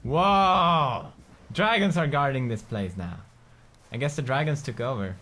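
A man in his twenties giving playful, excitable let's-play commentary and chatting to his game companion. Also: medium pitch, moderate pace. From Sweden. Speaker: gaming host. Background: game music.

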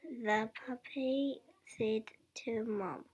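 Woman, English learner, reads her own story aloud; very slow, halting, slightly high voice, some words half-whispered. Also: fairly even intonation, a little mellow, breathy edge. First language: not English. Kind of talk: reading a short story aloud.

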